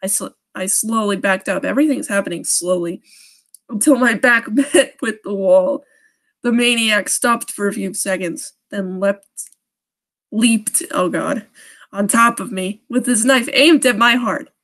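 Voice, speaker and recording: A woman's voice: medium pitch, measured pace, fairly bright tone. Giggly young woman reading a creepy story. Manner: giggly and sarcastic, often breaking off to laugh. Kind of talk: live-stream story reading with joking asides.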